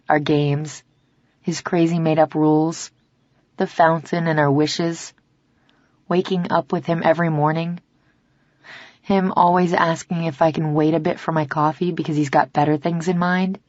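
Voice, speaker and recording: Woman, lowish voice, dry and slightly dull audio, first-person romance audiobook narrator. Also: no room sound. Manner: acts out dialogue, softer and lower for the male lover.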